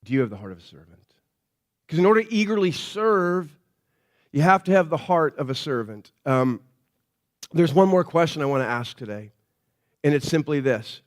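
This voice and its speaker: A man's voice: a little high, expressive, moderate pace, pauses often. A male pastor preaching a sermon in a church. He talks in a conversational, story-telling way and often restarts his sentences.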